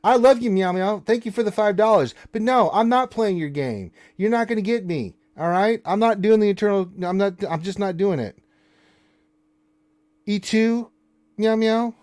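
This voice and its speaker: A man's voice: sits high, animated, fairly quick, hardly any pauses, a little mellow. A man hosting a casual live stream, answering chat questions and teasing viewers and his co-host with mock indignation.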